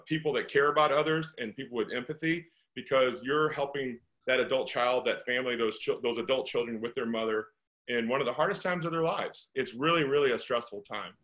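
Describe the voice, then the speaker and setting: Bright-voiced middle-aged man telling stories. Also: medium pitch, moderate pace, rough recording. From St. Louis. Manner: earnest, animated storyteller with rhetorical questions. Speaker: guest, real estate investor. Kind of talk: conversational interview.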